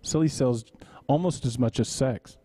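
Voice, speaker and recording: A man's voice: mid-range voice, moderate pace, very noisy. A man from Texas with a Texas accent, a musician hosting a live webcast who rambles and thinks aloud while he sets up. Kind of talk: casual live-stream chat. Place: home studio.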